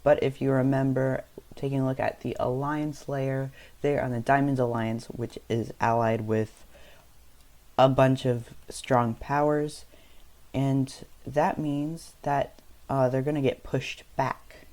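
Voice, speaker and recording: A man's voice: medium pitch, little pitch movement, takes it slowly, darkish tone. Young man narrating a map video casually. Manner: loose and unscripted, many ums and self-corrections.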